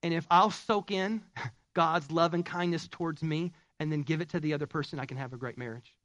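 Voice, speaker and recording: High-voiced man preaching a sermon. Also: fairly even intonation, fairly quick, a bit bright, dry recording. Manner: conversational, rising to fervent preaching with audience call-and-response. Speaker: pastor.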